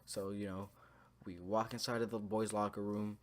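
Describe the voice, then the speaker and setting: A man's voice: lowish voice, little pitch movement, moderate pace, slight background noise. A young man casually telling a story from his school days, rambling and swearing with lots of fillers. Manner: rambling, profane, filler-heavy. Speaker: storytime vlogger.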